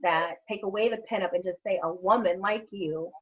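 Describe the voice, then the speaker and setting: A woman's voice: medium pitch, brisk, muffled recording. A woman hosting an interview, talking frankly and emotionally, with some salty language. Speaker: host. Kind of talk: candid conversational interview.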